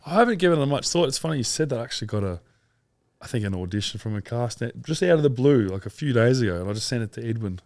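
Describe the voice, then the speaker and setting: An Australian man in his thirties, chatting as a podcast guest in a relaxed, rambling way with frequent laughs. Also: medium pitch, very fast, no echo. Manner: laid-back, rambling, laughs often. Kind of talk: casual interview chat.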